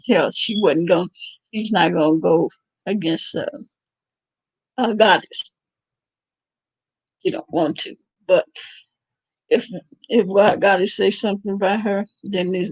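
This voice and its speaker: A woman's voice: fairly low pitch, breathy edge, no echo, highs cut off. A woman hosting a casual livestream chat, talking loosely with viewers and laughing often. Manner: chatty, laughs often, drawn-out pauses. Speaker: livestream host.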